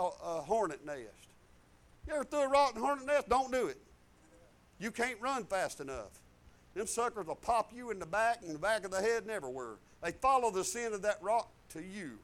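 A man, a pastor telling a testimony in a conversation, folksy and animated, chuckling as he goes. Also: high voice, fairly quick.

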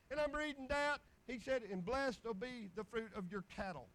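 A man's voice: very high voice, animated, moderate pace, fairly bright tone, low-quality recording. A man preaching a folksy sermon, telling homespun stories and chuckling along the way.

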